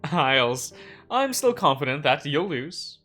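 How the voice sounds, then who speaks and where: A man voicing a calm, friendly male red fox gambler with a polite, sing-song lilt. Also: on the high side, measured pace, soft background music, heavily acted.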